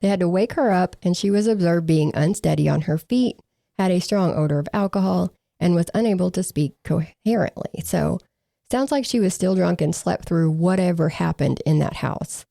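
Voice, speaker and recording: A woman's voice: fairly low pitch, moderate pace, gravelly, dark tone, no echo. A woman co-hosting a true crime podcast, reading from case reports with dry, sarcastic asides.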